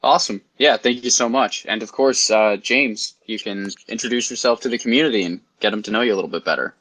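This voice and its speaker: A man's voice: fairly low pitch, quick pace, a bit bright. A man hosting a casual online community session, talking easily with frequent fillers. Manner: easygoing, filler-heavy. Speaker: community developer and host. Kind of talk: casual online panel talk.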